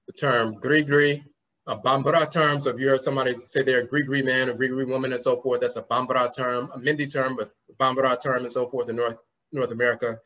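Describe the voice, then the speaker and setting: A man's voice: mid-range voice, a bit bright. A man giving a conference lecture, explaining word roots and spelling terms out letter by letter, often trailing off with "and so forth". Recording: slightly muffled lo-fi recording.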